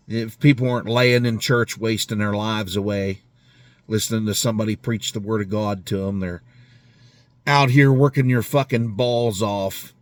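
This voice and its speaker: A man's voice: lowish voice, no echo. A man ranting casually and angrily to camera in a garage, swearing constantly and grumbling about a failed car repair. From United States. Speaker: garage vlogger. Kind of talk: casual profane rant to camera. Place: home garage.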